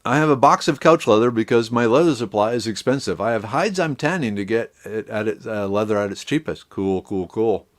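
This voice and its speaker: A middle-aged man hosting a live stream, chatting casually with viewers in a relaxed, rambling way and greeting them by name. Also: medium pitch, fairly quick, few pauses.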